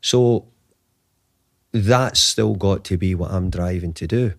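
A man in his fifties with a very low voice, recalling his career as a football manager in a halting, repetitive way. The recording is dry and close, with almost no room sound. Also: creaky, no room sound. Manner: halting, often repeats words and restarts. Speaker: football manager, interview guest. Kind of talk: conversational storytelling.

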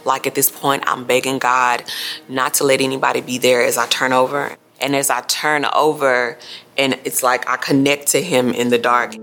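A woman recounting a traumatic night in an interview, speaking softly and hesitantly with many quiet mm-hmms. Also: a bass voice, level tone, moderate pace, slight background noise. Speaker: crime survivor interviewee. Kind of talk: emotional first-person recounting.

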